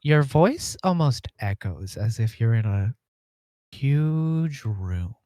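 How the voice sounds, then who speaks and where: A man's voice: medium pitch, big pitch swings, takes it slowly, mellow, dry recording. A man narrating as game master in a tabletop role-playing game, playful and laughing often.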